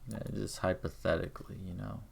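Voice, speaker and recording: Low creaky streamer guy, crude teasing humour. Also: a little fast. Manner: teasing, crude, animated joker. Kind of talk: casual chat on a live stream.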